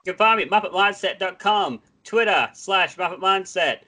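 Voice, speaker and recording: A man's voice: high-pitched, normal speed, sharp tone. A man chatting as a podcast guest, eager and joking, trying out impressions. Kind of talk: casual chat. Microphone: headphones, podcast mic.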